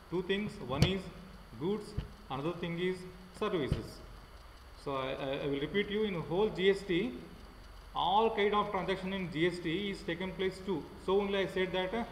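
A man with an Indian English accent teaching an online class, talking haltingly with many fillers and repeating himself. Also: sits high, echoey room, big-room sound, slight background noise, low-quality recording. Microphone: computer mic without headphone.

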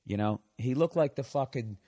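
A male podcast host tells a story as a profanity-laced comedic rant. He talks in an animated way with plenty of swearing. His pitch sits in a typical middle range. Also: moderate pace, husky.

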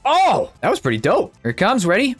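A man giving casual, excitable gameplay commentary as a YouTuber, chatty and thinking out loud. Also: high-pitched, a little fast, soft background music.

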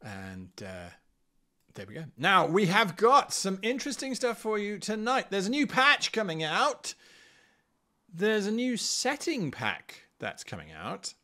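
A male host of a live stream, talking casually to his viewers. His voice is bright and sits a little high. His delivery is very animated, rising and falling a lot in pitch. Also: measured pace. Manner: chatty, animated, swings between loud and quiet. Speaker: livestream host.

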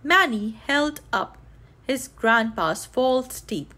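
A woman reading a children's book aloud, bringing the characters' lines to life with excitement. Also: sits high, slow pace. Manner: lively, voices characters' lines with raised excitement. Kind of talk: read-aloud storytelling.

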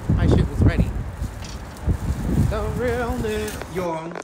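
A woman's voice: mid-range voice, slow pace. A young woman vlogger chatting casually as a salon client, hyping along with the story. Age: young adult. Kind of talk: casual chat. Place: hair salon, indoors. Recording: loud background noise.

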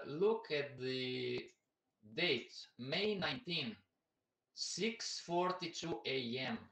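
A man's voice: on the high side, a bit bright, echoey room, far from the mic, low-quality recording. A man hosting a casual live stream about investing, chatty and repetitive, who keeps calling out to everybody watching.

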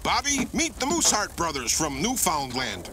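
A bumbling goofy uncle. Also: male voice, on the high side, wildly swooping pitch, moderate pace, background noise. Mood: jovial. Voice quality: bumbling, nervous chuckles. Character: goofy fun-loving uncle, middle-aged.

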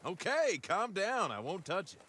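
An actor playing a wisecracking young gang leader who makes dry quips in a video game. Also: male voice, high voice, big pitch swings, normal speed, bright, forceful tone, a little hiss or hum, exaggerated voice. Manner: dry quips and sound-effect jokes.

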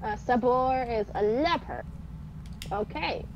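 A woman with a high voice and an unhurried pace, teasing and joking with friends. Her talk is light, casual banter while someone else plays. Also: animated, highs cut off, over a noisy crowd. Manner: playful, teasing, giggly. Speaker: co-host on a game stream.

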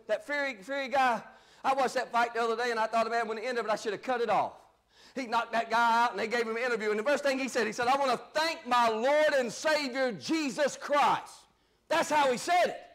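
A man preaching a fiery sermon as pastor, shouting his points and dropping into low asides.

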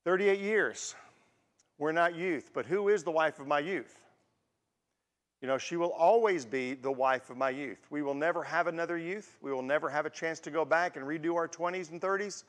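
A man in his sixties preaches in a relaxed, storytelling way, drawing on his own life to make each point. His voice sits a little high for a man. The sound rings with the long reverb of a church hall. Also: moderate pace. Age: 60s. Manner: warm storytelling with personal anecdotes. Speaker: guest preacher. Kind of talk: conversational sermon. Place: church sanctuary.

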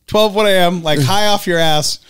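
A man's voice: high voice, fairly bright tone, smooth. A man co-hosting a podcast, teasing and swearing in casual banter, then telling a road story. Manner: teasing, profane, quick to laugh. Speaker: podcast co-host; former long-haul driver.

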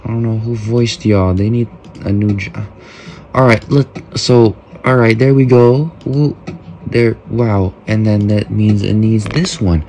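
A man's voice: lowish voice, a little slow, a little mellow, slight background noise. A man casually commenting on a mobile game, joking, mock-talking to kids and often trailing off mid-sentence. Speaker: gameplay host.

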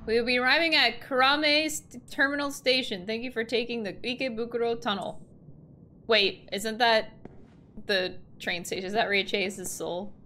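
Young female streamer, bright and excitable, casual sweary commentary. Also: fairly high pitch, normal speed, a little hiss or hum. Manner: excitable and sweary, laughing often and switching between voices. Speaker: gaming streamer.

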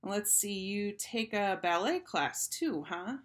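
Stern male schoolteacher, read by a woman, measured and probing; children's storybook. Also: mid-range voice, animated, voice pushed up. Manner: measured, pointed questions. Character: stern but patient male first-grade teacher.

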